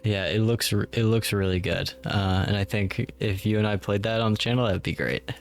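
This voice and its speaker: A young adult man co-hosting a casual chat, relaxed and hesitant, with frequent fillers. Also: on the low side, fairly quick. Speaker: co-host.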